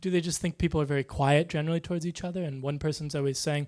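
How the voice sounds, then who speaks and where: A man doing stand-up comedy, delivering deadpan one-liners in a dry, soft-spoken way. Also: a little high, rapid-fire.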